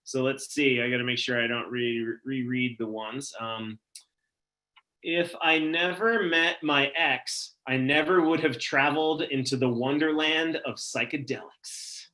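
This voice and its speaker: Chill upbeat guy hosting a live stream, bright voice, reads comments. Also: medium pitch, unhurried. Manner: upbeat, casual, reading out audience comments. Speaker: event host.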